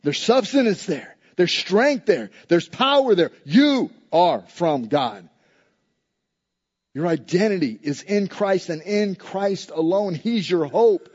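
A pastor preaching a sermon in an emphatic, repetitive cadence. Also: male voice, high-pitched, animated, unhurried, hardly any pauses, muffled recording.

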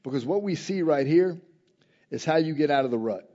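A man preaching a sermon, moving between quiet reflective passages and loud, emphatic rises, often asking his listeners direct questions. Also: fairly high pitch, lively intonation, brisk, muffled recording.

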